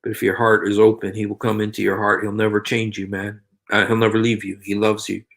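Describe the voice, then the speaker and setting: A man's voice: on the low side, monotone, fairly quick, fairly bright tone. Earnest pleading male preacher. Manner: earnest, pleading, repeats phrases over and over. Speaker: Christian preacher and video host. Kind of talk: evangelistic vlog appeal.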